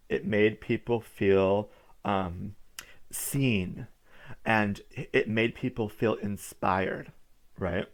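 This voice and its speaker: A man giving a motivational storytelling talk, emphatic and repeating key phrases for listeners to write down. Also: lowish voice. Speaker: business speaker.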